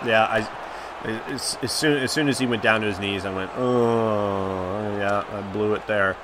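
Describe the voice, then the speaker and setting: A man commenting live on the hockey video game he is playing, reacting loudly to each play and groaning at his mistakes. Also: lowish voice, measured pace, background noise. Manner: excitable, reacts loudly, groans and laughs at plays. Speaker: gaming channel host.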